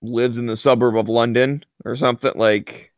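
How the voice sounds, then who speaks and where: A man's voice: medium pitch, steady tone, moderate pace, clear, resonant tone, dry recording. A man telling a rambling story in casual chat, full of "like" and fillers.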